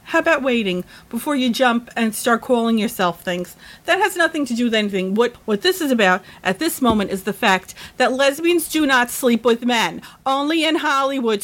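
A woman with a high voice vents straight to the camera, swearing freely and pressing each point with blunt emphasis. She sounds worked up and emotional, and the rant stays heated from start to finish. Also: fairly bright tone. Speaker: vlogger.

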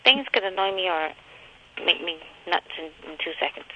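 A woman's voice: lowish voice, lively intonation, moderate pace. A woman talking in a casual chat, chatty and a bit hesitant. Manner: chatty, hesitant, laughs easily. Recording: slightly dull lo-fi with faint noise.

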